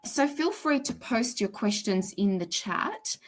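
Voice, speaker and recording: A woman's voice: medium pitch, expressive, a little slow. Chatty Australian woman hosting a webinar. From Sydney, Australia. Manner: chatty, greets viewers by name, fillers like "sort of" and "um". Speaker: webinar presenter, provisional psychologist. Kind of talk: informal live webinar talk.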